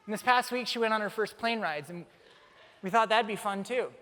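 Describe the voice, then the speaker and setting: A man preaching a sermon as pastor, telling stories in an animated way with self-deprecating humor. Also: high-pitched, brisk. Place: church sanctuary. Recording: long church reverb.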